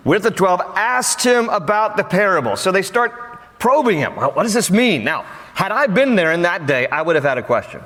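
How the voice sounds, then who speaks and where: A man preaches a sermon in a relaxed, conversational way, slipping in jokes and animated asides. His voice sits a little higher than most men's. The sanctuary around him adds a long, ringing reverb. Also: moderate pace. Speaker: pastor.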